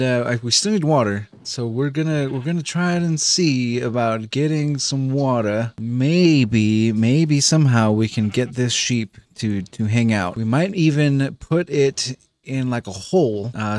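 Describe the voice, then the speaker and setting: A man's voice: medium pitch, no room sound. A man giving gameplay commentary as a let's play host, chatting as he thinks aloud, often restarting sentences and chuckling.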